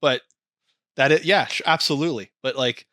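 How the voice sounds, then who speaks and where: A man's voice: medium pitch, normal speed, pushed and bright, no room sound. A man co-hosting a podcast in casual chat, emphatic and stumbling over his words. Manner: emphatic, hesitant, profane. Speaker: podcast co-host.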